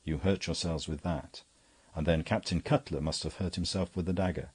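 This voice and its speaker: A man voicing a small, quiet male priest detective who speaks in a calm, measured way. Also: sits low, husky. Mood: grave warning.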